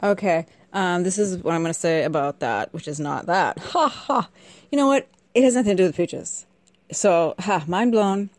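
A woman's voice: lowish voice, expressive, moderate pace, dry recording. Woman host, sarcastic comic ranter, scolding and emphatic, dry close sound. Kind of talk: casual comedic rant.

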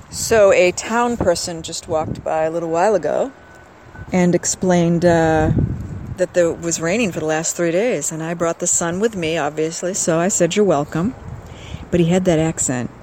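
This older woman, a podcast host with a lowish voice, talks a little slowly about her travels in a wry, meandering monologue like a casual travel vlog. There's background noise, and the setting shifts from outdoors to indoors along the trip.

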